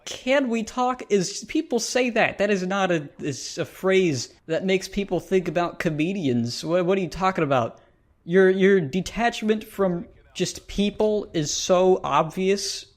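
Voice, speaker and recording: Male vlogger, sarcastic and exasperated, fairly high voice, casual reaction rant. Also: unhurried. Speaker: YouTube commentator.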